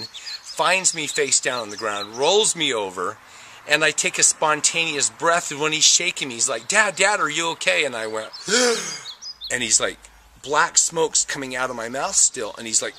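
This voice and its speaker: Man telling a story in a bright voice. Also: mid-range voice, slight background noise. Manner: dramatic, acts out voices and sound effects. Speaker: storyteller recounting a near-death experience. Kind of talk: animated personal storytelling.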